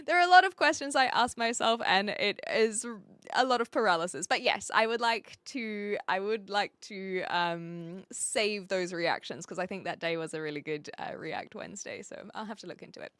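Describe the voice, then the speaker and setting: A woman's voice: medium pitch, lively intonation, moderate pace, a bit bright, no echo. A woman with a New Zealand accent chatting casually on a live stream, reading out chat messages with a rambling, self-deprecating manner and frequent laughs.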